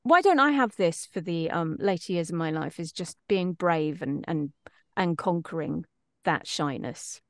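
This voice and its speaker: A woman's voice: on the low side, expressive, unhurried, dry recording. Woman, middle-aged, casual chat, frequent restarts, dry. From Britain. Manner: chatty, self-deprecating, many restarts. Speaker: voice actress guest.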